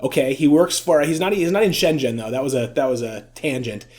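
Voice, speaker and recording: A man's voice: medium pitch, a little fast, darkish tone. A man giving casual, chatty vlog commentary, amused and full of fillers. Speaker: video essay vlogger.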